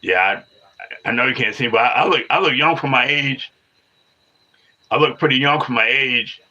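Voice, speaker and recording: Man, fifties, live-stream host; bright, forceful tone; loops phrases, answers chat combatively; dull lo-fi sound. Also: medium pitch, normal speed. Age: 50s. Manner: repetitive, restarts phrases, argues back at commenters. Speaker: livestreamer.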